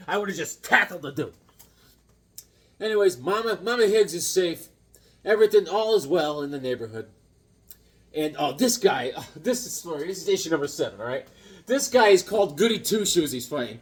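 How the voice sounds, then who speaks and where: A man hosts a casual comic-collecting vlog in a slightly high-pitched voice. He rambles, hopping from a personal anecdote to flipping through old issues and back again. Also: animated, fairly quick. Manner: rambling, chatty, jumps between stories and comics. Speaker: comic book vlogger. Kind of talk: casual show-and-tell chat.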